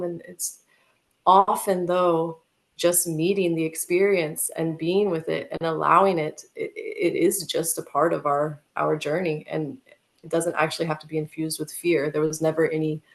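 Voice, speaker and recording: A woman's voice: deep voice, level tone, measured pace, creaky. An American woman telling a vivid, emotional personal story as a podcast guest, with many "like"s. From United States.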